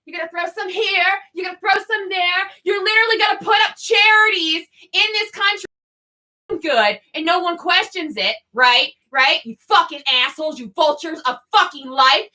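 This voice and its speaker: A young adult woman co-hosting a podcast, delivering an angry, sarcastic, swear-filled comedic rant with frequent shouting. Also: extremely high pitch, normal speed. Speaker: podcast co-host.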